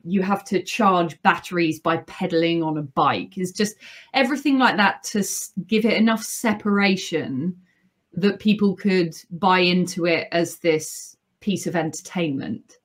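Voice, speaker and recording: A woman, an author and audiobook narrator, chatting as a podcast guest in a lively, playful way, laughing often. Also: lowish voice, unhurried. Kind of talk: casual podcast interview.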